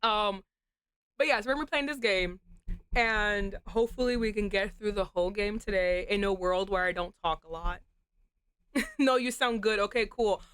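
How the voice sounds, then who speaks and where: A woman streamer chatting casually to her viewers while getting over a cold, with a slight rasp in her throat, giggly and chatty with sudden animated outbursts. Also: medium pitch, normal speed, dry recording. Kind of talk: casual live-stream chat.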